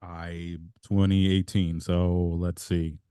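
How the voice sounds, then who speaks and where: Very deep-voiced man, rambling storyteller. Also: flat delivery, takes it slowly, dark tone, clean tone, dry recording, clean studio sound. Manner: rambling, self-interrupting storyteller who laughs mid-sentence. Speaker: podcast co-host. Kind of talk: casual chat.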